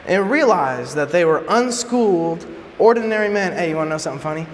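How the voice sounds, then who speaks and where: Animated high-voiced male preacher. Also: fairly quick. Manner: animated, joking, acts out quotes. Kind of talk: casual sermon. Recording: echoey hall, faint background noise.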